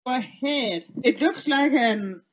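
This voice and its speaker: A woman player in voice chat, speaking in a slow, hesitant, defensive way. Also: sits high, a little hiss or hum, poor audio. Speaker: player in a virtual world.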